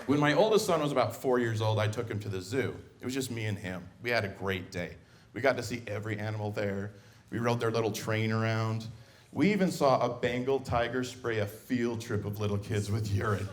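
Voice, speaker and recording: On a club stage, a middle-aged man does stand-up, telling family stories and acting out scenes as he goes in an animated way. His voice sits fairly low and moves briskly.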